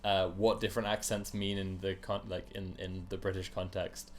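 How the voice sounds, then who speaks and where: A man's voice: deep voice, little pitch movement, normal speed. A man casually chatting while streaming a game, rambling with fillers and laughs.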